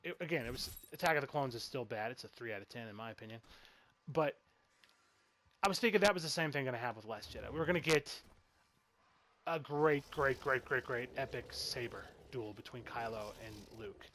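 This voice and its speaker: A man's voice: mid-range voice, fairly quick, fairly bright tone, slight background noise. Man, 30s, mid-range voice, frustrated rambling reviewer who swears freely. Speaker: film reviewer. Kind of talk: casual spoken movie review.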